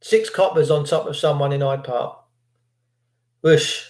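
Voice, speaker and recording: A man's voice: on the high side, measured pace, darkish tone, echoey room. A British man hosting a livestream, ranting in a sarcastic, indignant and rambling way. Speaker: livestream host.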